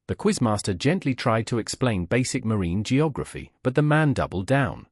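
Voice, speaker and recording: A man's voice: mid-range voice, big pitch swings, moderate pace, hardly any pauses, no room sound, studio quality. A man narrating scripted anecdotes in a wry storytelling manner.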